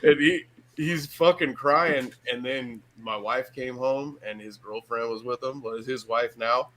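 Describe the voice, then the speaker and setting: A man's voice: medium pitch, unhurried, sharp tone, slight background noise, low-quality recording. Laughing man telling a wild story. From Michigan. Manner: swearing, laughing hard through his own story. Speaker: podcast guest. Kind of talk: casual storytelling.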